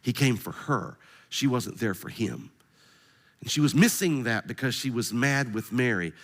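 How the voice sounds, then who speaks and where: Male pastor preaching, jokey and animated, voice going up and down a lot. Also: mid-range voice, moderate pace. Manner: animated, humorous preaching with direct questions. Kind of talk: sermon.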